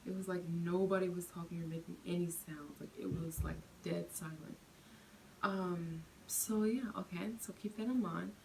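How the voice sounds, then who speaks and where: A young woman vlogger chatting through a storytime, full of fillers and animated retelling. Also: fairly low pitch, moderate pace, vocal fry, a little hiss or hum, rough recording. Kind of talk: storytime vlog.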